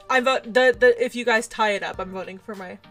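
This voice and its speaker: A woman's voice: fairly high pitch, fairly bright tone. A young adult woman streaming a game, chatting casually with viewers in a giggly, self-deprecating way. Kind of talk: casual livestream chat while playing a game.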